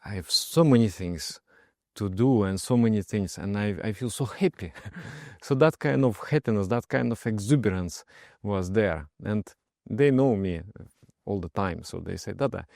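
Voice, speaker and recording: Gravelly meditation teacher telling stories. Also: male voice, on the low side, normal speed, no echo, studio quality. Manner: expressive, emphatic, with frequent hesitations. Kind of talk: personal storytelling talk.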